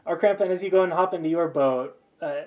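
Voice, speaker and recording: A man narrating a tabletop game as game master, relaxed and laughing often, with many fillers. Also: a little high, brisk, narrow, tinny audio.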